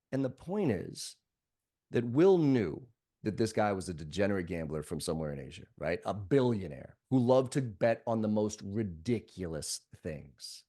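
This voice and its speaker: A man, a sales trainer guest on a podcast, talks bluntly and swears freely while telling animated stories. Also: low voice, moderate pace. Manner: blunt, profane, animated storyteller. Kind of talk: podcast conversation.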